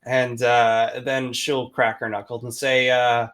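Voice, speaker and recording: A game master narrating a tabletop role-playing game, slow and halting with many fillers. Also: mid-range voice, little pitch movement, fairly bright tone.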